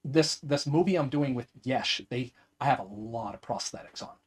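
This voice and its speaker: A man from the United States, an actor talking in a casual interview, animated and self-deprecating. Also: medium pitch, normal speed, husky. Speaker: actor and guest.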